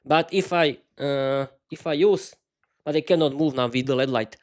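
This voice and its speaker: A man's voice: mid-range voice, normal speed. A man hosting a casual live-stream podcast, talking to viewers in a hesitant, stuttering way full of restarts while adjusting his lighting, speaking into a desk microphone in a small home studio. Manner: chatty, talks to viewers while fiddling with lighting. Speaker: podcast host.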